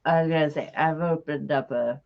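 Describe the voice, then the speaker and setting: A man's voice: a little high, fairly even intonation, brisk, vocal fry, muffled recording. A man co-hosting a livestream, chatting casually and joking dryly. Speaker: co-host. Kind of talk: casual chat.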